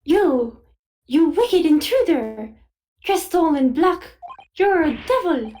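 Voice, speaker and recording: A woman's voice: high voice, big pitch swings, takes it slowly, darkish tone, full character voice. A woman playing an indignant noblewoman. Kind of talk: amateur game voice-through.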